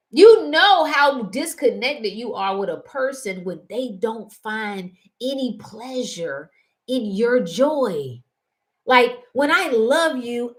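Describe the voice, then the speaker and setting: A woman hosting a casual talk show, animated and prone to laughing and wandering into stories. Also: on the high side. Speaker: host. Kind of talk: casual chat.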